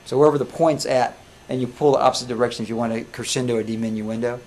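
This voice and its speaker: A man teaching music software to a class, talking casually with many restarts and questions to the students. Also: medium pitch, steady tone, racing. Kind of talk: live classroom software demo.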